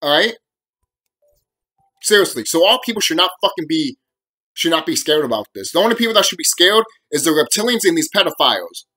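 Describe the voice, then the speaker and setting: A man's voice: a little high, big pitch swings, quick pace, pushed and bright, soft background music. A young man ranting to camera on his video channel, heated and full of profanity and repeated phrases. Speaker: vlogger.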